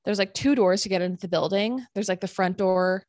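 A young woman co-hosting a podcast, telling a story in a casual, animated way, full of fillers and acted-out quotes. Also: medium pitch, a little fast, dry recording. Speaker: podcast co-host.

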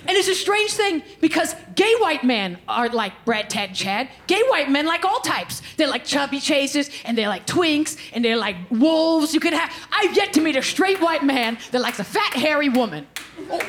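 A woman performing a stand-up set, animated and acting out characters in quick quoted voices. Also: sits high, a little hiss or hum. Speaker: stand-up comedian.

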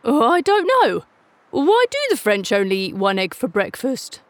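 A woman's voice: fairly high pitch, sing-song, normal speed, dry recording. Woman doing a small eager pug dog. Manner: careful tourist French, shy and cheery.

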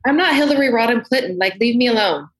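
A woman's voice: on the high side, lively intonation, fast. A woman makeup artist, a guest in a casual interview, talking candidly and animatedly and swearing freely. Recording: roomy echo.

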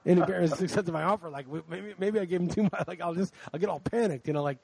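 A man's voice: high-pitched, fast talker, creaky, slight background noise. A man co-hosting a podcast, ranting in casual chat with lots of swearing, tired late at night. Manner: ranting, profane, animated. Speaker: podcast co-host.

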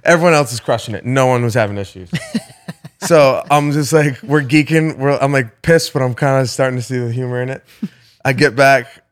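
A young man tells a rambling story to his friends, peppering it with curses and filler words. His voice sits at an ordinary pitch and he speaks casually. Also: fairly quick. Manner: animated, swearing, heavy filler words.

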